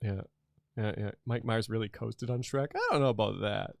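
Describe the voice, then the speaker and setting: A man's voice: fairly low pitch, normal speed, gravelly, no room sound, studio quality. A man streaming a game, chatting casually and joking with frequent laughs. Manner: giggly, joking, animated.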